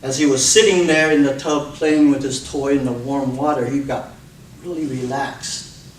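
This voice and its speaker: A man's voice: mid-range voice, moderate pace, slight background noise. A man giving a speech on public speaking, telling stories expressively and acting out the voices in them. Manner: expressive storytelling, acts out cries and quotes. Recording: echoey room from a distant mic, faint ambience.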